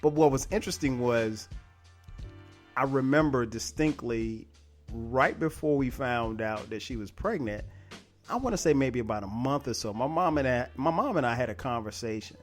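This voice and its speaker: A man in his thirties hosting a casual podcast interview, easygoing, laughing often and getting animated when he retells family stories. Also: medium pitch, normal speed, faint music behind. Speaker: podcast host.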